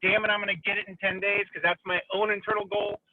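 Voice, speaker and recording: A man in his thirties, calling in from his car, shares his story on a group call, earnest and emotional, halting with fillers. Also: high voice, flat delivery, no echo. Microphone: phone while driving. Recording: tinny phone line.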